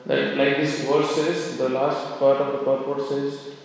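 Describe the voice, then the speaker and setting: A man's voice: mid-range voice, little pitch movement, unhurried, gravelly. A man giving an earnest, reflective devotional scripture class, telling stories to make his point. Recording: echoey hall, distant mic.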